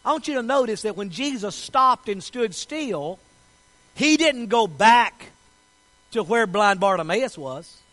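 A man preaching a sermon, his voice sitting unusually high. He talks with passion, dropping to quiet asides and then rising to shouted declarations. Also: lively intonation, unhurried, rough recording. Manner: impassioned, swinging from soft asides to shouted declarations. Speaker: pastor.

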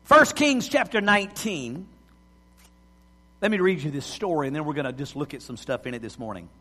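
A man, preaching a sermon as pastor in a church, swinging from loud calls to hushed lines. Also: on the high side, animated, a little fast. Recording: long hall reverb.

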